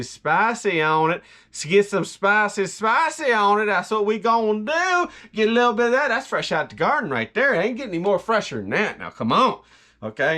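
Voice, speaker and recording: A man's voice: on the high side, a bit bright. A man hosting a jokey cooking video in his home kitchen, boasting and hyping up his viewers. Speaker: home cook, vlog host. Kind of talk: comedic cooking vlog.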